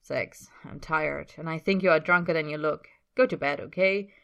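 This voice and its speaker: A woman's voice: deep voice, moderate pace, vocal fry, a bit bright, dull audio. Woman doing a weary, guarded team captain. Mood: tired. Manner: careful, tired, clipped.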